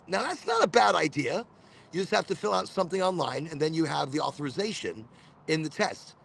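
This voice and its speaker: Broadcasting live from Florida, this cannabis podcast host chats and rambles, repeating words as he spins stories. He sits high in pitch, with a gravelly, slightly rough voice, in a casual livestream setting.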